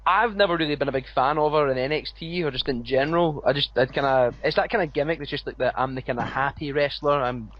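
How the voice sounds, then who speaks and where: A man's voice: medium pitch, fast, hardly any pauses. A man co-hosting a casual wrestling podcast, laid-back and often laughing, with some swearing. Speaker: podcast co-host. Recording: dull lo-fi audio.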